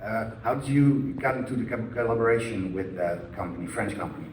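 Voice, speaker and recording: A man from the Netherlands asks a panel guest a question from the audience, halting and filling gaps with "uh." His fairly low voice sounds distant and echoey in a big convention hall, with a faint wash of noise behind. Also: a little mellow. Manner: hesitant, many fillers. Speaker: fan asking a question.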